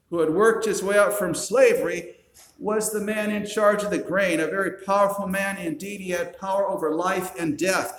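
A pastor preaching a sermon, retelling a story with dry asides to the congregation. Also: male voice, high voice, echoey room, low-quality recording.

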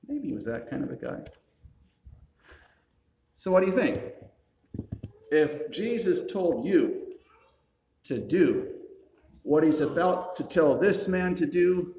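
A man's voice: a little high, lively intonation, slow, long pauses, warm tone, a little hiss or hum. A male pastor preaching a sermon. He reasons step by step, asks rhetorical questions and adds dry, wry asides. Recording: roomy echo.

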